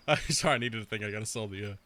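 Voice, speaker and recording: A man's voice: on the low side, sharp tone, dry recording. A young man streaming a video game in casual chat, trash-talking with heavy profanity, laughing often and rambling with filler words.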